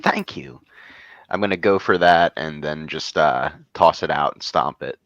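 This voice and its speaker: A man's voice: very deep voice, normal speed, fairly bright tone, dry recording. A man playing in a tabletop game session, laid-back and hesitant. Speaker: player. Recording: dull lo-fi mic.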